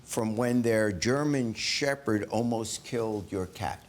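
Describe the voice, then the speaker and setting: An older man presiding as judge on a television court show, asking questions in a calm, measured way. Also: on the low side.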